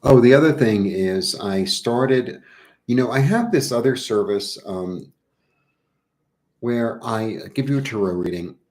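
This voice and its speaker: Deep-voiced guy doing a live tarot stream, rambly and chatty, middle-aged. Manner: chatty, rambling, animated asides. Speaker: tarot reader.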